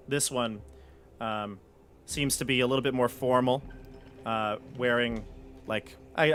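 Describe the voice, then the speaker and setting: A man's voice: mid-range voice, fairly bright tone, a little hiss or hum. Een man die als spelleider een tabletop-spel vertelt, aarzelend, met veel stopwoorden. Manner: hesitant, many fillers. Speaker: game master. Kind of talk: narrating a tabletop game.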